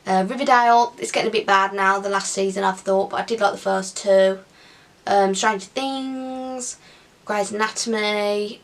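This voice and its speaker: A young woman chatting casually to camera in an upbeat Q&A vlog, with giggly asides. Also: medium pitch. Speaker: vlogger.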